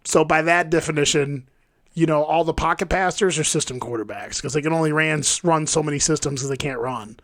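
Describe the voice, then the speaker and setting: A man hosting a podcast, chatting casually about football with heavy swearing and animated stories. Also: a little high, fairly quick, no room sound, studio quality. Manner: profane, animated storytelling. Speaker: podcast host. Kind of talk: casual sports chat.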